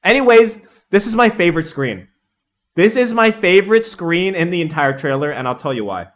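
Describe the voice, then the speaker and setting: A young man streaming a casual, excitable game analysis, rambling and laughing at his own slips. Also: fairly high pitch, brisk.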